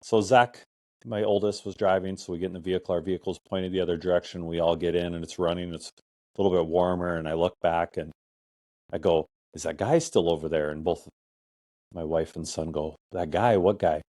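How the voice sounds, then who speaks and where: A man's voice: low voice, level tone, fairly quick, warm tone, no echo, clean studio sound. A middle-aged man hosting a podcast, telling a personal story in a casual, rambling way full of "I'm like" and "or whatever". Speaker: podcast host.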